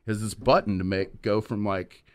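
A man's voice: lowish voice, steady tone, moderate pace, darkish tone. A man hosting a podcast, telling a rambling story in casual chat with many fillers. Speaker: podcast host.

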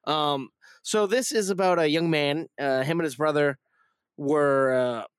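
A man's voice: a little high, unhurried, clean tone, dry recording, clean studio sound. A man hosting a casual film review podcast, rambling with lots of fillers and restarts.

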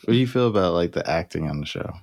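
A man's voice: low voice, lively intonation, racing, darkish tone. A man co-hosting a podcast in casual chat, dropping short, laid-back interjections. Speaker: podcast co-host.

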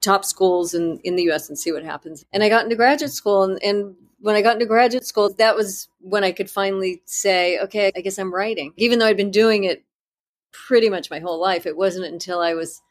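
Candid woman author telling her story. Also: medium pitch. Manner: candid, self-deprecating, halting restarts. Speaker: author being interviewed. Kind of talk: conversational interview storytelling.

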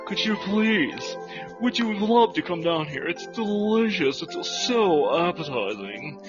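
A man voicing a cheesy male restaurant owner pitching his restaurant in a mock ad, drawn out and slow. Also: sing-song, over music, exaggerated voice. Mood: salesy. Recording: dull lo-fi sound.

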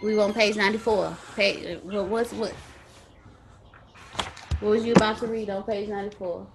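A woman moderating a group call in a quick, lively way. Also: medium pitch, slight background noise. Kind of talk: casual group chat.

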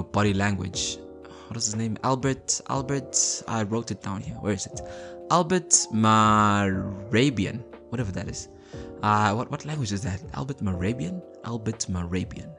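A man hosting a podcast in a casual motivational talk, conversational, repeating words and often checking in with listeners. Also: fairly low pitch. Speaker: podcast host.

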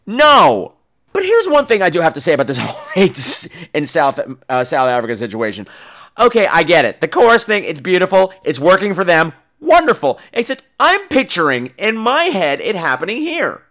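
A man with a high, bright voice and a New York accent rants through a comedy podcast. His pitch swings widely as he acts out quotes in overblown voices and swears freely. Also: a little fast. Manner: animated, profane, acts out quotes in exaggerated voices. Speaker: podcast host.

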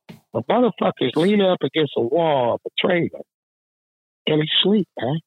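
A man telling a rowdy work story in casual chat, profane, animated and laughing often. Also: on the high side, moderate pace, breathy edge, no echo, phone-quality sound.

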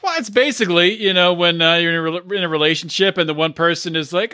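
A man's voice: high-pitched, quick pace, bright, forceful tone, no room sound, studio quality. A man co-hosting a casual reality-TV recap podcast, giving meandering, self-correcting explanations. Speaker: podcast co-host. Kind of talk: casual comedic chat.

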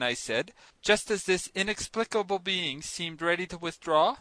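A man's voice: a little high, lively intonation, measured pace, sharp tone, no echo. A man narrating an audiobook in an earnest, formal first-person voice, into a close studio mic. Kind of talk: scripted narration of a classic novel.

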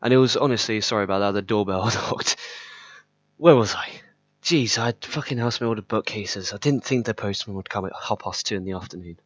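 Male podcast host, low-pitched, rambling and candid, dull lo-fi sound. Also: quick pace, few pauses, no room sound. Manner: candid, rambling, swears often. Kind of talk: personal podcast monologue. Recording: slightly dull lo-fi audio.

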